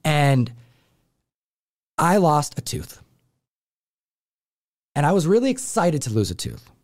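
A man from Buffalo, New York, with a slightly high voice, speaks slowly while hosting a comic book show. In casual conversation he tells a family story with animation, acting out his relatives' voices.

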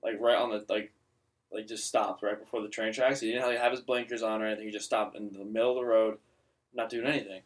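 A man's voice: lowish voice, fairly even intonation, fast, recorded from a distance. A young man in casual podcast chat, telling a rambling story full of filler words.

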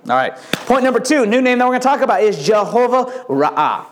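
A man's voice: extremely high pitch, sing-song, brisk, a little hiss or hum. A man preaching a sermon with playful jokes and frequent stammered restarts, a father of young kids. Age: adult with young children. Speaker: pastor.

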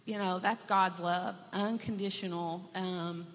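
A woman's voice: lowish voice, fairly even intonation, measured pace, fairly bright tone. A woman sharing a heartfelt, reflective church testimony with fillers. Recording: dull sound with long hall reverb and faint noise.

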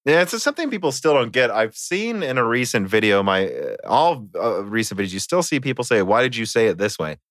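A man's voice: medium pitch, sing-song, fairly quick, hardly any pauses, fairly bright tone, no room sound, clean studio sound. A man with a Midwestern American accent hosting a casual chat, joking and reading listener mail. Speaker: podcast host.

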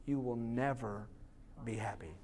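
A man's voice: medium pitch, unhurried, background noise. A man, a lead pastor preaching a sermon in a church, in a loose conversational style, slipping into quoted voices now and then. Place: church sanctuary.

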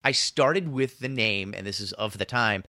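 A man guest on a comedy podcast, telling a story in an animated, self-mocking way and laughing often. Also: on the low side, moderate pace, no echo, clean studio sound. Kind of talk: casual podcast chat.

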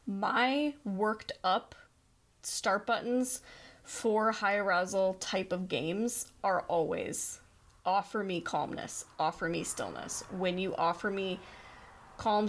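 A woman hosting a podcast solo, earnestly explaining dog training ideas and telling stories. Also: medium pitch. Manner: earnest, storytelling, reads listener questions aloud.

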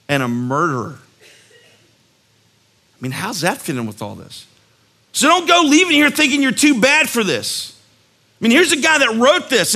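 A man giving a casual sermon as a youth speaker, telling animated stories with jokey asides. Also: very high-pitched. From West Virginia.

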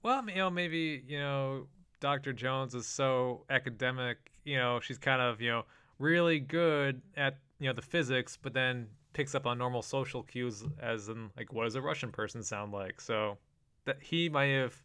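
A man's voice: medium pitch, moderate pace, sharp tone, clean tone. A man co-hosting a casual podcast, easygoing and laughing often. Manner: easygoing, laughs often, many "you know" fillers. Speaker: podcast co-host. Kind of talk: casual chat.

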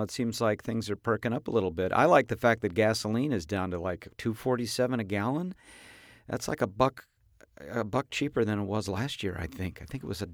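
A man's voice: lowish voice, dry recording, clean studio sound. A man hosting a podcast, chatting in an easygoing, rambling way. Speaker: podcast host. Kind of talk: casual chat.

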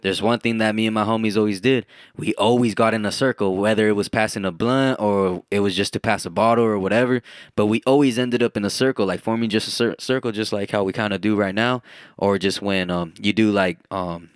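Low-voiced young man, loose rambling chat. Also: fairly even intonation, a little fast, no room sound, clean studio sound. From United States. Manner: loose and rambling, full of fillers and casual swearing. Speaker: podcast co-host. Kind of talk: casual chat.

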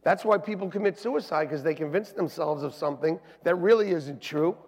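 A male pastor preaching a lively storytelling sermon. He acts out quoted voices and swings between loud and soft. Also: a little high, brisk. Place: church sanctuary. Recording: long reverb in a large church hall.

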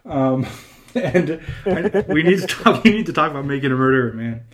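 A man from California hosting a casual podcast chat, rambling and animated with lots of fillers and restarts. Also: a little high, normal speed. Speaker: podcast host.

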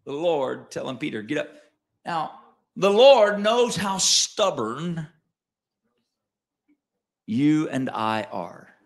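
Pastor, male, fairly high voice, dramatic delivery that jumps from soft asides to loud emphasis, conversational questions to the congregation. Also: very animated, slow, gravelly, pauses often. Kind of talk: sermon.

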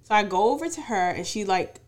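A woman's voice: mid-range voice, animated, a little fast. A woman co-hosting a podcast, telling a casual story with frequent laughter and some profanity. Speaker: podcast co-host. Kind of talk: casual chat.

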